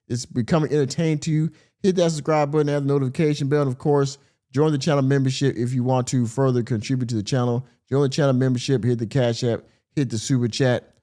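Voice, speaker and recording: A male podcast host chats casually in a mellow, mid-pitched voice. He rambles and fills his talk with "you know" and "uh". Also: steady tone, quick pace. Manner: rambling, heavy on fillers. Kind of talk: casual reaction commentary.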